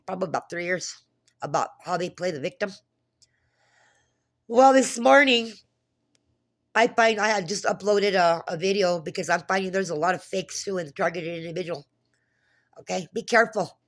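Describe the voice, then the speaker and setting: A woman talking to camera in an agitated, profane monologue, retelling a phone call with many restarts. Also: fairly low pitch. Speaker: vlogger. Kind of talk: casual monologue.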